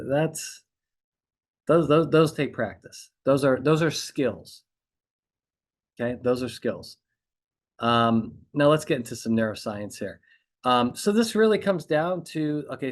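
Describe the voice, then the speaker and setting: Emphatic man coaching on courtroom speaking. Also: medium pitch. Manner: emphatic, repeats phrases and checks in with "okay?". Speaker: trial consultant podcast host.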